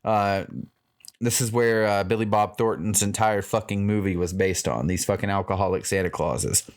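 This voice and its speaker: A man's voice: on the low side, fairly even intonation, moderate pace. A man co-hosting a movie-review podcast, recapping the plot in a loose, profane, rambling way. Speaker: podcast co-host. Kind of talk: casual movie-review chat.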